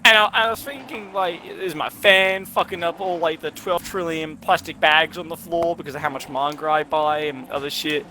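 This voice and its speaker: A man's voice: a little high, steady tone, normal speed, hardly any pauses, pushed and bright. A young man who tells a rambling, sweary story while gaming with friends. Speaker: streamer and gamer.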